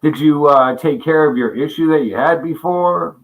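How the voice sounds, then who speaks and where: A man's voice: a little high, moderate pace, narrow, tinny audio. Laughing, rambling man on a livestream. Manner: rambling, laughs often, swears a lot; greets viewers by name. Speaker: livestream host. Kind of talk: casual livestream chat.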